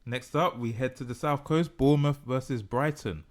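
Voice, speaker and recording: A man's voice: medium pitch, moderate pace. A man co-hosting a casual podcast, reading out results and making predictions in a teasing, presenting way. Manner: teasing, game-show-like presenting. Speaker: podcast co-host, football fan.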